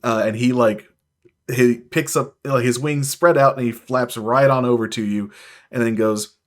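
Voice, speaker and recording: A man's voice: mid-range voice, fairly even intonation, moderate pace. Laid-back male game master. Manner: loose, filler-heavy narration. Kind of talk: narrating a tabletop game.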